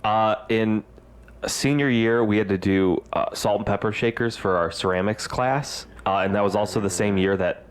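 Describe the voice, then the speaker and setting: A man's voice: fairly low pitch, normal speed, smooth. A young man hosting a casual podcast chat, talking in a laid-back, rambling way with fillers. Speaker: podcast host.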